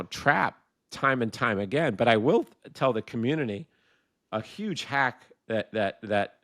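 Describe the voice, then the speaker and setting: A podcast guest, a man with a mid-pitched voice, tells a story loosely and jumps up in pitch to act out its characters. The recording is dry and close. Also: a bit bright, no echo. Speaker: guest, founder of a sobriety community. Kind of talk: casual podcast conversation.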